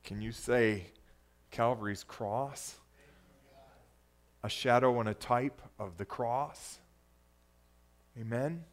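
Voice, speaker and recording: Speaking slowly with long pauses, a medium-pitched man preaches a sermon. He reads scripture emphatically with loud exclamations and calls to the audience for responses.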